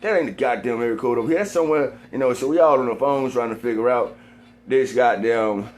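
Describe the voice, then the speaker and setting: A man's voice: mid-range voice, brisk. Rambling, profane man talking to camera. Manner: profane, rambling, repetitive, swears constantly; gets heated and loud at times.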